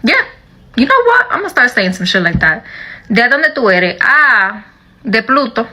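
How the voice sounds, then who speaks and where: A woman chatting casually to camera in an animated way, switching between two languages. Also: a little high, normal speed. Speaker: video creator.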